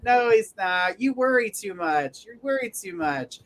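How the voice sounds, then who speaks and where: A woman's voice: medium pitch, animated, a little slow, slight background noise, natural voice. A woman voicing a carefree young girl who shrugs off every warning. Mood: dismissive. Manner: dismissive, unbothered. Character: breezy carefree young girl in a red hood.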